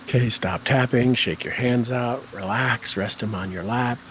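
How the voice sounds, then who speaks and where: A man leading a guided tapping session, calling out tapping points and repeating affirmations with slow, deliberate coaching cues. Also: mid-range voice, fairly bright tone, slight background noise, poor audio.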